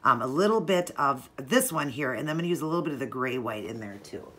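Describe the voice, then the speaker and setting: Low-voiced woman explaining nail art. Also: fast, background noise. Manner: chatty, relaxed, explains while working. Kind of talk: casual step-by-step tutorial.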